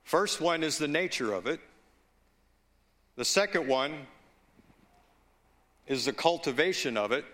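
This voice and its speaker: A man preaching in a bright, clear-edged voice, taking his time over each phrase. He mixes personal stories into the sermon and checks in with the congregation as he goes. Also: on the high side, animated. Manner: slow, deliberate preaching with asides and call-outs to the congregation. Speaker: pastor.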